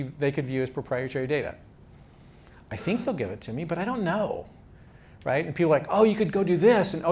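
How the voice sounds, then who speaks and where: A man's voice: fairly high pitch, darkish tone. Casual-talking male startup mentor. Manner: casual, conversational, frequent restarts. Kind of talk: talk to startup founders. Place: room with a live audience.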